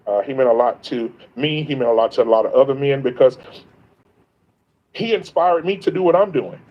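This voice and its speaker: In a muffled recording, a man with a mid-range voice speaks a little fast. He's a content creator guesting on a livestream, casually chatting in an earnest, emphatic way and frequently starting sentences over.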